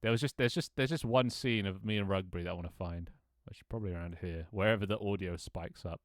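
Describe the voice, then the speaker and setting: A man's voice: sits low, fast, no echo, clean studio sound. A man in his twenties chatting casually on a live stream, rambling, laughing often and joking about himself with casual swearing. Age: 20s. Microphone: desk microphone.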